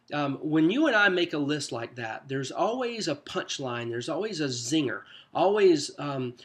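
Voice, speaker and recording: Man coaching group leaders, relaxed and chatty. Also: a little high. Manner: conversational teaching, frequent fillers and restarts, lively stress. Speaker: church small group coach. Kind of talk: casual coaching talk.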